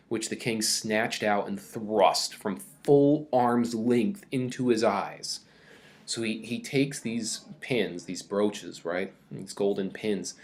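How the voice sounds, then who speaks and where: With a voice on the low side, this lecturer delivers a relaxed recorded mini-lecture full of fillers, livening up noticeably whenever he reads quoted passages aloud.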